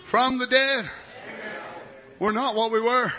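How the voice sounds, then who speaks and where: A man preaching an impassioned sermon, shouting and exclaiming glory and hallelujah. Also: very high voice, takes it slowly, pauses often, muffled recording, crowd noise, noisy background.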